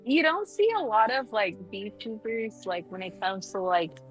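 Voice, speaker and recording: A woman's voice: medium pitch, very animated, measured pace, faint music behind, rough recording. A woman guest on a casual livestream chat who rambles with lots of filler words and swears casually. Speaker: guest streamer.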